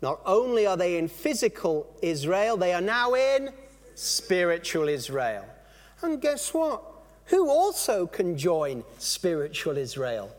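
A man preaching a sermon, animated, stopping and restarting phrases as he explains. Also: high voice, slow pace, big-room sound. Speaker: pastor.

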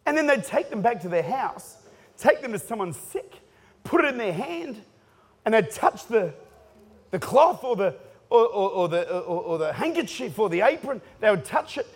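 A high-pitched man preaches a sermon, full of jokes and stories that build to shouts. His voice rings out with a long reverb tail from a big hall. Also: normal speed, breathy edge. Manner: animated, joking storytelling with bursts of shouting.

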